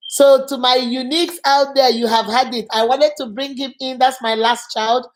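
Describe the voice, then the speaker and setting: A woman's voice: high voice, steady tone, normal speed. A middle-aged woman hosting a channel, giving advice in earnest, emphatic casual talk and repeating words for stress. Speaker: channel host.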